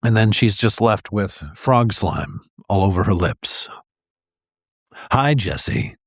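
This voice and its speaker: A man's voice: on the low side, sing-song, takes it slowly, creaky, breathy edge, no room sound, clean studio sound. A man hosting a livestream, reading a picture book aloud in a chatty, rambling way with many fillers. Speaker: livestream host reading stories. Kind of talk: casual read-aloud storytelling.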